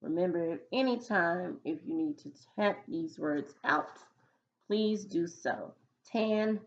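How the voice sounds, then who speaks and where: Slow patient woman teacher, lo-fi. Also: lowish voice, lively intonation. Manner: slow, patient dictation with example sentences. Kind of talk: recorded phonics lesson.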